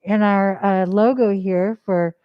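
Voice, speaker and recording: A woman's voice: mid-range voice, fairly even intonation, slow, clean tone, dry recording, highs cut off. A woman co-hosting a theatre livestream, chatting in an enthusiastic, gushing way. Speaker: livestream co-host. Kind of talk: casual chat.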